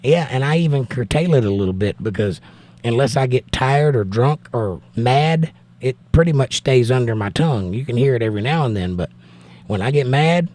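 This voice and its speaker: A man's voice: mid-range voice, lively intonation, moderate pace, a little mellow. A man with a Southern Georgia accent hosting a livestream, reading viewers' chat aloud and bluntly arguing points of scripture.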